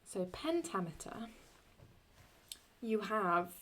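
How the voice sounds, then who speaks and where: Slow, unhurried young woman teaching Latin verse. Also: mid-range voice, expressive, fairly bright tone, a little hiss or hum. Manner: talks while writing, halting, corrects herself often. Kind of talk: casual classroom explanation.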